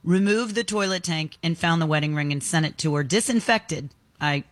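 Low-pitched and moderately paced, a woman co-hosting a talk show tells quirky news stories in a chatty, storytelling style, reading out odd items in talk-radio banter.

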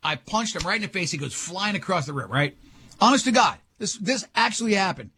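An older man, a talk show host, telling a long story in casual chat, animated and laughing often. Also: high voice, brisk, breathy edge.

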